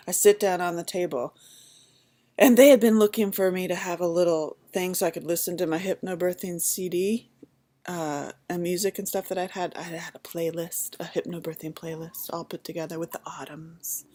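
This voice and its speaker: Lowish woman's voice, thirties, animated storyteller who acts out the people she quotes. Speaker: vlogger telling her birth story. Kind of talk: casual storytelling.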